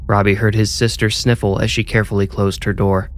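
A man narrating a scripted horror story in a measured, deliberate way. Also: on the low side, flat delivery, slight background noise.

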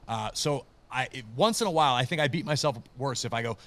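Brief: man in his thirties, self-deprecating guest storyteller, mid-range voice, lively quoted voices. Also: mid-range voice, fast talker. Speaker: wrestling commentator, guest. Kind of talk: casual interview storytelling.

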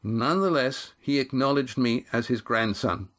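A man's voice: mid-range voice, moderate pace, fairly bright tone, voice pushed up, natural voice. A man voicing a young seafaring grandson who speaks earnestly and declaims a proclamation.

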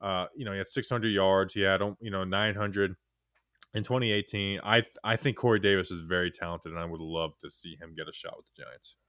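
A young man with a somewhat low voice talks loosely through a sports podcast. He teases his co-host and leans on fillers as he goes. The recording is dry and close. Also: steady tone, brisk, fairly bright tone, no room sound. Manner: teasing, loose, full of fillers like "you know". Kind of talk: casual sports podcast chat.

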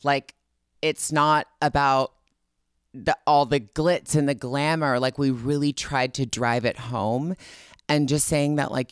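A woman's voice: very deep voice, measured pace, smooth, no room sound, studio quality. A woman co-hosting a podcast, talking in a casual, heartfelt and emotional way. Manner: emotional, heartfelt, chokes up with laughs. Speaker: podcast co-host. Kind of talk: casual chat.

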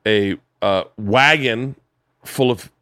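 A man's voice: on the low side, takes it slowly, smooth, no room sound, studio quality. A man hosting a podcast, telling a rambling story with lots of swearing and acted-out voices. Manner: animated, profane, acts out voices and yells in stories. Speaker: podcast host. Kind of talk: casual chat, storytelling. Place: home studio man cave.

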